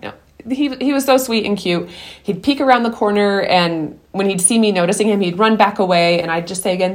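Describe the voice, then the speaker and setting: A woman's voice: medium pitch, brisk. A woman hosting a podcast, giving earnest, encouraging parenting advice and telling her own story, often restarting sentences. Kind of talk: earnest advice talk mixed with personal story.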